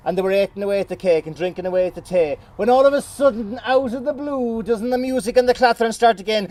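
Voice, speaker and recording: A middle-aged Irish man telling a folk tale in a lively, playful way with dramatic pauses, outdoors. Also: high voice, no echo. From Ireland. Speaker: storyteller. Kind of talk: oral folk storytelling. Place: outdoors on a moor.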